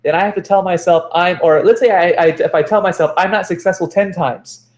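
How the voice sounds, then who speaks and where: A man's voice: high-pitched, a little fast, echoey room. A man giving a motivational self-help talk, repeating phrases for emphasis and correcting himself as he goes.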